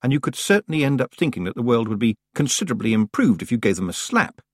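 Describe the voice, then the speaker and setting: A man reading a fantasy audiobook as narrator, in a measured, dry storytelling manner. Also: medium pitch, big pitch swings, dry recording. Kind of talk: scripted narration.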